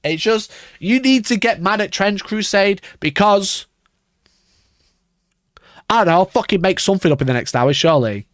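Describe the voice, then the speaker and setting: A man's voice: high-pitched, expressive, moderate pace, long pauses, dry recording, studio quality. A man ranting on a casual livestream, exasperated and sarcastic, swearing often and laughing at himself. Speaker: wargaming YouTuber reacting to a video.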